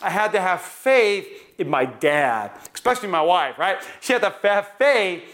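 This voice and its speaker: Pastor, male, thirties, high voice, earnest and pleading. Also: lively intonation, moderate pace, fairly bright tone. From North Dakota. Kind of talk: sermon. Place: church building.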